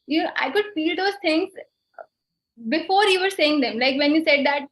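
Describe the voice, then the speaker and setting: A woman's voice: high-pitched, normal speed, a bit bright. A woman sharing a personal spiritual experience on a video call, hesitant and full of fillers. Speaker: workshop participant. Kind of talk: emotional personal testimony. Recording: dull video call audio.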